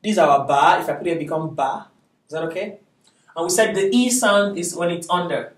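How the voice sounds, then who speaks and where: A man's voice: high voice, fairly quick, far from the mic. Patient man teaching in an echoey room. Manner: patient, checks in with students constantly; encouraging, drills syllables aloud. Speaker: Arabic teacher. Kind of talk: classroom lesson. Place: classroom.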